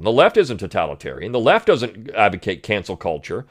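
A man's voice: on the low side, wildly swooping pitch, a little fast, a bit bright. A man hosting a political commentary podcast, talking in a sarcastic, mocking way. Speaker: podcast host.

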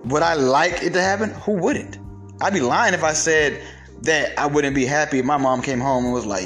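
A man's voice: a little high, normal speed, fairly bright tone, soft background music. A man hosting his show in a casual, profane monologue, telling stories animatedly. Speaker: show host.

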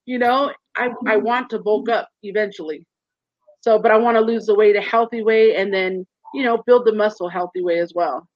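A woman's voice: medium pitch, fairly even intonation, moderate pace, no echo. A woman in her thirties, a guest in a candid interview, talking earnestly and animatedly and acting out voices in her stories. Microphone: video call. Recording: dull muffled lo-fi sound.

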